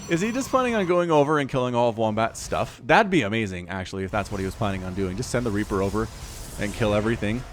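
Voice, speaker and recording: An American man casts a strategy match on his own, his voice swinging through a lively pitch range. He sounds excitable and chatty and often calls out to the players as if they could hear him, over faint music. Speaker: esports caster. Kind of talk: solo game commentary.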